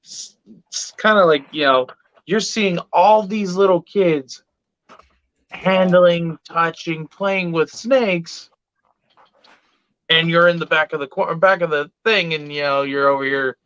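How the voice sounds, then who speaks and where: A man hosting a casual interview, talking in a relaxed, easygoing way about his educational reptile shows. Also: fairly high pitch, takes it slowly, smooth, muffled recording. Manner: relaxed, easygoing talker with many fillers. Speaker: podcast host and reptile educator.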